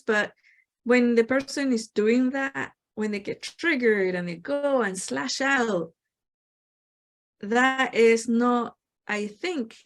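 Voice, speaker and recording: A woman hosting a spiritual talk show, calmly explaining her ideas and acting out the replies people give. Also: on the high side. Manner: reflective, explanatory, acts out quoted replies. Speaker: host.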